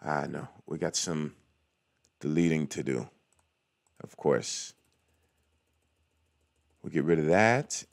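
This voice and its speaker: Deep-voiced man walking through a tutorial. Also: slow, gravelly, long pauses. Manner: chatty, cheers small wins, self-correcting. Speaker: cybersecurity tutorial host. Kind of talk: casual screen-recorded walkthrough.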